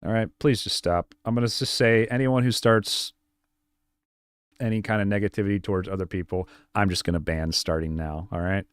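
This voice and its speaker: A man's voice: on the low side, fairly even intonation, fairly quick, clean tone, dry recording, studio quality. A man coaching viewers through gameplay on a live stream, direct and repetitive with lots of fillers. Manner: direct, repeats points, many fillers. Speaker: game coach.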